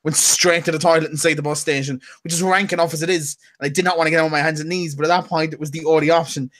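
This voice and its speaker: A man's voice: on the high side, fairly even intonation, racing, fairly bright tone. A young man chatting casually on a podcast, rambling through a story and swearing freely. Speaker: podcast co-host. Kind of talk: casual chat.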